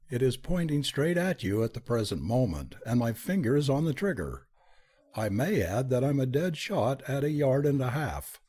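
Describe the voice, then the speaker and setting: Husky man reading an audiobook. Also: mid-range voice. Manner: lively, expressive reading with character dialogue. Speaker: audiobook narrator. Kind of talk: scripted narration.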